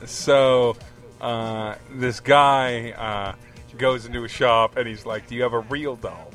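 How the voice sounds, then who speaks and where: A man guesting on a podcast, telling a halting, deadpan dark joke in casual chat. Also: mid-range voice. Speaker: podcast guest, band member.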